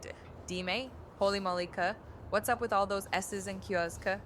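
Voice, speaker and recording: On a live stream, a woman reads out the replies of a perky, catlike female AI chatbot in a bubbly, sing-song manner, adding a cute tag to every sentence. Her natural voice is mid-range and fairly bright, with fairly even intonation and a moderate pace. There's a little hiss or hum in the audio.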